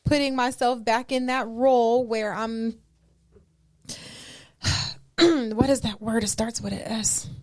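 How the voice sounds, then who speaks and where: A woman co-hosting a podcast, chatting casually and deliberately, often repeating herself to drive a point home. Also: fairly high pitch, fairly even intonation. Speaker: podcast co-host. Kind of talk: casual chat.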